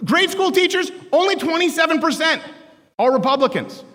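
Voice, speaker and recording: A man from Canada giving a comedic political talk to college students, animated and joking, with bursts of shouting, in a large hall with long reverb. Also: extremely high pitch, moderate pace. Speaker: speaker addressing college students.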